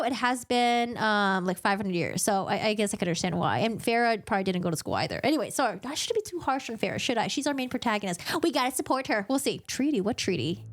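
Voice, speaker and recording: Chatty animated woman recapping a book. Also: a little high. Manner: chatty, animated, self-interrupting, laughs often.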